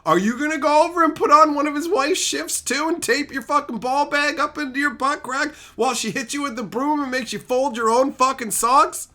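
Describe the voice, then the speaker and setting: A man's voice: extremely high pitch, brisk, hardly any pauses, bright, forceful tone. A man live-streaming, talking crudely and rowdily as he mocks his chat. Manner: crude, rowdy and mocking. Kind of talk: casual live-stream banter.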